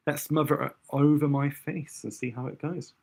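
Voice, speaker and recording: A man's voice: a little high, steady tone, normal speed, gravelly, darkish tone, breathy edge. A young man doing drag makeup on a livestream, chatting casually and thinking aloud to his viewers.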